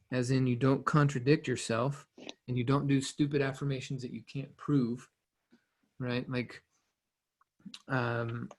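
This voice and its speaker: A man talking in a loose, conversational coaching manner, circling back and repeating phrases as he explains. His voice sits at an ordinary middle pitch, and he sounds relaxed and direct. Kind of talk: casual motivational teaching.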